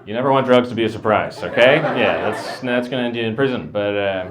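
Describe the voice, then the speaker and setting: A man doing a stand-up set, mumbling in a flat deadpan. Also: medium pitch, brisk, echoey room, background noise. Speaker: stand-up comedian. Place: comedy venue with a live audience. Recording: dull lo-fi live recording with crowd.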